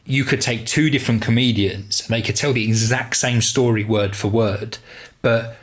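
A man's voice: mid-range voice, moderate pace. A man co-hosting a podcast in casual, rambling chat. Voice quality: relaxed, rambling, many fillers. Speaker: podcast co-host.

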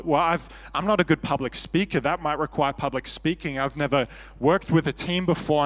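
Earnest Australian preacher in a reverberant hall. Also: male voice, on the high side, fairly bright tone. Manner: earnest, conversational preaching with self-deprecating humor. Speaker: pastor. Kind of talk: sermon.

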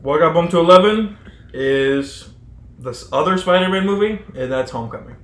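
A man's voice: a little high, animated, normal speed, reverberant. A man co-hosting a casual podcast chat, talking at length in a chatty way. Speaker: podcast co-host.

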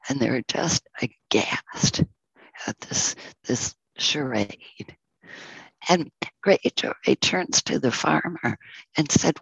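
Slow, gravelly-voiced, whispery storyteller. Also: mid-range voice, lively intonation, no echo, low-quality recording. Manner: slow, soft, often whispered. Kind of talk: storytelling teaching talk.

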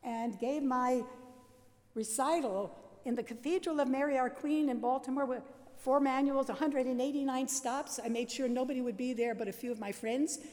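An older woman, a Catholic nun, telling her life story in a lively, laughing way and acting out the sounds and voices in it. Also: high voice, moderate pace, long reverb tail, slight background noise. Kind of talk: animated personal storytelling.

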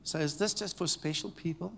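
Hushed storytelling male preacher. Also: a little high, a little fast, creaky. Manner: conversational, checks in with the audience; drops to a hushed tone at tender moments. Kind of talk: storytelling sermon. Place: church meeting before a live audience.

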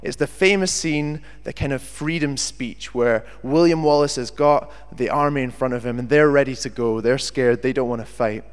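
A young British man preaching a sermon, reading scripture and then talking in a lively, chatty way with jokey asides. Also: medium pitch, normal speed, few pauses, smooth. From Britain. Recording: long hall reverb.

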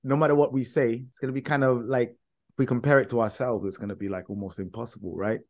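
A man co-hosting a casual podcast as a dance instructor, joking and halting with fillers. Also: mid-range voice, steady tone, a little mellow.

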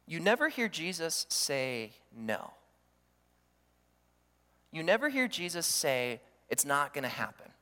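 A man preaching a sermon as pastor, animated, acting out the voices he quotes. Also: on the high side, takes it slowly, pauses often. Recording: long hall reverb.

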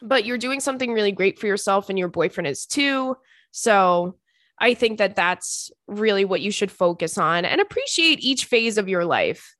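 A loose, chatty woman in her thirties talks casually as a show host, rambling and swearing freely. Her voice sits at a middling pitch. The sound is dry and close, with no room echo. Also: expressive, moderate pace, fairly bright tone. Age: 30s. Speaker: podcast host answering listener emails. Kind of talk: casual chat.

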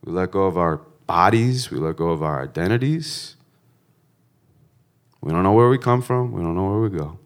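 A man doing a stand-up set, swinging between quiet reflective musing and loud profane punchlines in a conversational storytelling style. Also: deep voice, animated, moderate pace, long pauses. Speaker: stand-up comedian.

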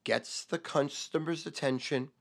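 A middle-aged man, a sales trainer giving a profane motivational rant and shouting repeated keywords. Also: a little high, unhurried, vocal fry.

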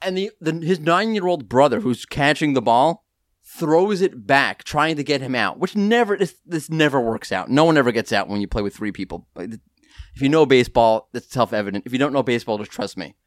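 A man hosting a podcast from home, telling stories in a lively, self-deprecating way with quick asides. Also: medium pitch, no room sound, clean studio sound. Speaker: podcast host. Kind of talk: casual podcast chat.

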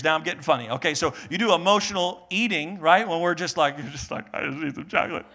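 Pastor guy preaching, fairly high voice, jokey and animated, acts out quotes. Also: slight background noise. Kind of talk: sermon.

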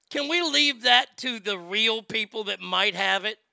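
Profane male commentator, bright cutting tone, incredulous. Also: very high-pitched, a little slow, creaky, clear, resonant tone, dry recording, clean studio sound. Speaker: commentary host. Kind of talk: ranting news commentary.

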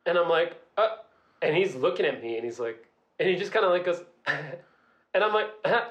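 A man's voice: fairly high pitch, normal speed, lo-fi sound. A man, a podcast guest, telling a story in casual chat, using lots of filler words and acting out quotes. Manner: animated, full of "like" fillers, acts out quotes.

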